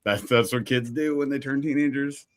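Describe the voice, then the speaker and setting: A man's voice: mid-range voice, normal speed. A man in his thirties from Ohio, chatting casually as a podcast guest, laughing often and joking about himself. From Ohio, USA. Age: 30s. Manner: laughs often, self-deprecating, loose. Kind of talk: casual chat.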